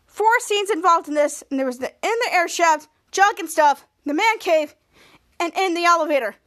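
High bright woman recapping scene by scene. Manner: choppy scene-by-scene retelling, acting out quoted lines louder and higher. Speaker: podcast host. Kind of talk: episode recap.

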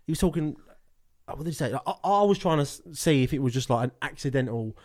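A man's voice: a little high, quick pace. A man, co-hosting a podcast, telling stories animatedly with lots of laughing. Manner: laughs a lot, animated storytelling. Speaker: podcast co-host. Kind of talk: casual chat.

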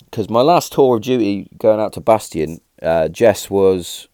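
A man in his thirties casually telling rambling stories, lively at the punchlines, with many restarts. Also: on the low side, slow, no room sound, clean studio sound. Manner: rambling, animated when telling a punchline, frequent restarts and fillers. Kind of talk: casual storytelling.

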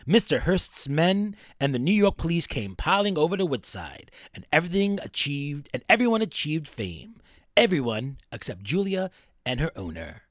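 A smooth, old-fashioned radio countdown host, as a man puts him on reads with dramatic announcer flair. The pitch swings widely through each phrase. The sound is close and dry. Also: sing-song, normal speed, no echo. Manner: announcer-style dramatic reading. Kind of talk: dramatic reading of a quote.

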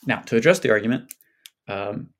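A man's voice: on the low side, a little fast. A man as a podcast guest, explaining things in a casual scholarly way with many fillers and hedges.

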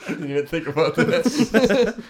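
A man's voice: a little high, slow pace. A young man co-hosting a casual podcast, chatty and prone to giggling. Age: young adult. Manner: giggly, chatty, animated storytelling. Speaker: podcast co-host.

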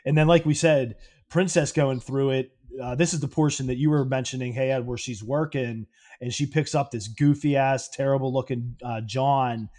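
A man's voice: mid-range voice, fairly even intonation, normal speed, a little mellow. A man co-hosting a podcast, casually recapping a film's plot with plenty of fillers. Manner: laid-back, recaps plots with fillers. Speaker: podcast co-host. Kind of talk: casual film discussion.

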